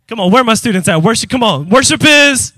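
A man preaching in church with a high, bright, ringing voice. He preaches with animated call-and-response, pressing each point and rising into shouts. The sound is close and dry, with little room around it. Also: quick pace, dry recording. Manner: emphatic, breaks into shouting. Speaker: pastor. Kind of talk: sermon. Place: church sanctuary with congregation.

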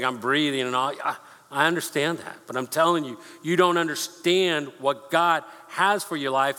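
A man preaching a sermon, earnest and repeating himself, slowing down to read scripture aloud. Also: fairly high pitch, sharp tone. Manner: earnest, repeats words, slows for scripture reading. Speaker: pastor. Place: church sanctuary. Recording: long hall reverb.

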